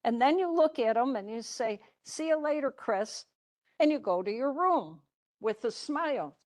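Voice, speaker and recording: An older woman, a religious sister, teaching a class through stories in a gentle, chatty way, often checking in with her listeners. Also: on the high side, lively intonation, normal speed. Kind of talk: storytelling lecture to a class.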